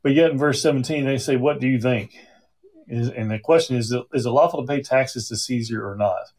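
A man's voice: medium pitch, a little fast, a little mellow. A middle-aged male pastor leading a Bible study sermon, conversational with frequent restarts and asides.

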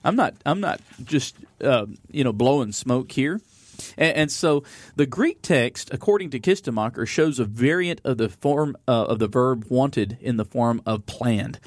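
A man's voice: medium pitch, animated, measured pace, dry recording. Man teaching scripture, dry close sound. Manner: reads scripture aloud, then explains it with fillers. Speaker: Bible study host. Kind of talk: conversational Bible teaching.

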